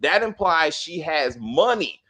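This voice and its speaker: A man co-hosting a casual spoiler review, animated and exasperated, swearing freely and acting out scenes. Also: fairly high pitch, a little slow. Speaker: movie review co-host.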